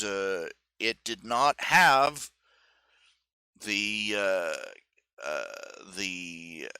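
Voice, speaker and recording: A man's voice: medium pitch, bright, forceful tone, dry recording, clean studio sound. A man talking casually on his live stream, rambling with many fillers and restarts and acting out the quotes he tells. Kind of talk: casual solo commentary.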